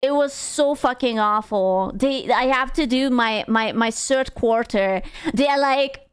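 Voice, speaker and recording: High, smooth-voiced woman streamer. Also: measured pace, hardly any pauses. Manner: playful, swears freely, laughs often. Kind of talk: casual live-stream chat with viewers.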